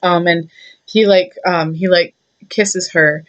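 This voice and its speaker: A woman's voice: fairly low pitch, fairly even intonation, slow pace, fairly bright tone, muffled recording. A young woman retelling a myth in a chatty, irreverent way, with many fillers. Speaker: storyteller.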